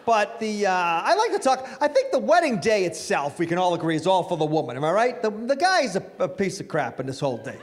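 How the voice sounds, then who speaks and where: This middle-aged man from an Italian-American family performs stand-up, making fun of himself and talking with the crowd. He's very animated, speaking fairly quickly in a high pitch with few pauses.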